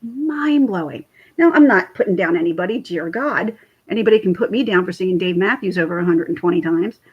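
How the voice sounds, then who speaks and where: Husky-voiced woman in her forties. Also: lowish voice, fast, highs cut off. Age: 40s. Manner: rambling, animated storytelling. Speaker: vlogger chatting with live viewers. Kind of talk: casual livestream chat. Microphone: computer mic.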